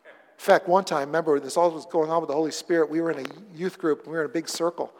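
A man preaching a sermon as pastor, moving from hushed pleading to loud, excited storytelling. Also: fairly high pitch, fast, a little hiss or hum. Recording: long hall reverb.

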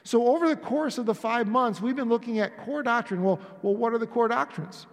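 A man's voice: very high voice, a little fast. A male pastor giving a conversational sermon to his congregation, acting out little dialogues along the way. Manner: conversational preaching with acted-out dialogues. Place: church sanctuary. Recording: echoey church hall.

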